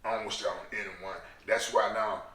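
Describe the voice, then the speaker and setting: A man's voice: lowish voice, normal speed, distant mic. A man telling a profane story in a casual interview, acting out the other people's voices. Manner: animated, profane, acts out voices in his stories. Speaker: guest. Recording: echoey room, set back from the mic.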